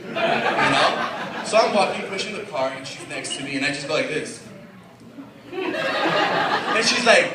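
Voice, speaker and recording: Young male stand-up comic, higher-pitched and animated, swearing through his story, recorded far off in a roomy club with a laughing crowd. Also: a little slow, long pauses. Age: young adult. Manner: profane, animated storytelling with acted-out voices. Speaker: stand-up comedian. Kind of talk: stand-up comedy set. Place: comedy club stage with a laughing audience. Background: audience laughter.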